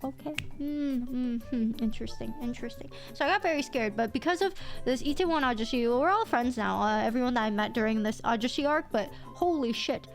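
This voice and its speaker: A young woman streamer telling stories in casual chat, animated, laughing often and swearing casually. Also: on the high side, quick pace, hardly any pauses, soft background music.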